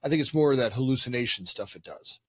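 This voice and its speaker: Fast-talking husky man, stammering. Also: medium pitch, dry recording, clean studio sound. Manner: challenging, animated storyteller, stammering restarts. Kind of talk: casual conversation.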